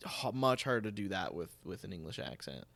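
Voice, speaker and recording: A man's voice: low-pitched, big pitch swings, a little fast, gravelly, a bit bright, no room sound. A young man hosting a theatre podcast in casual, jokey chat, trailing off with fillers. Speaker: podcast host.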